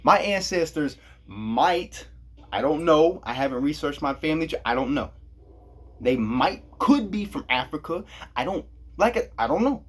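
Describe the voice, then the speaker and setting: Husky-voiced man ranting casually. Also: a little high, expressive, unhurried. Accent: Black American English. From Kansas, USA. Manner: rambling, profane, laughs at his own jokes. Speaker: vlogger. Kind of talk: casual monologue.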